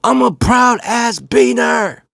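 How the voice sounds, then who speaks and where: A man's voice: on the high side, animated, brisk, no room sound, clean studio sound, voice pushed up. A man voicing his laid-back, proud father, who speaks broken English. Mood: shouting. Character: calm, proud middle-aged father.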